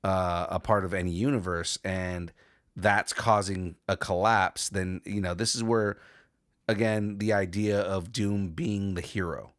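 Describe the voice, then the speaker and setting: A man's voice: low voice, fairly even intonation, unhurried, fairly bright tone, no echo, studio quality. A man co-hosting a podcast, chatting casually and rambling with many restarts. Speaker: podcast co-host. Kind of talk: casual chat.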